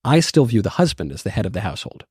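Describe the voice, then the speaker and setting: A man's voice: lowish voice, racing, slightly rough, no room sound, studio quality. A man in his thirties, a podcast guest telling stories in casual, joking chat. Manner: lively, joking, lots of restarts.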